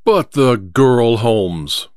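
A man's voice: mid-range voice, expressive, drawn-out words, dry recording, studio quality. A man reading an earnest, worried loyal friend. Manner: earnest, alarmed pleading. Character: anxious, earnest male companion, loyal and scrupulous.

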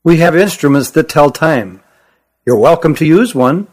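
A man voicing a courteous, gentle female attendant in a storybook. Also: fairly high pitch, lively intonation, normal speed. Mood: polite. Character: polite female cave attendant.

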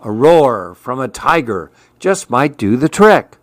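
A man's voice: medium pitch, big pitch swings, takes it slowly, no echo, clean studio sound. A man voicing a grumpy, solitary man in a storybook reading, his lines fussy and insistent. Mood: frantic. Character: grumpy solitary man who wants to be alone.

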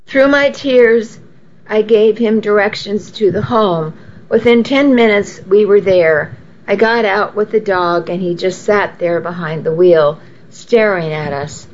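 A woman narrating a first-person story as an audiobook reading, slow and measured. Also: mid-range voice. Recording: dull, faintly noisy recording.

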